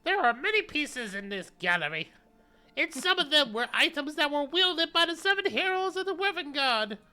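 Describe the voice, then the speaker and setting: A woman's voice: sits high, big pitch swings, moderate pace, sharp tone, voice pushed up, full character voice. A woman voicing a cranky old male museum curator in a strained, put-on old man voice while reading a video game aloud. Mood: lecturing.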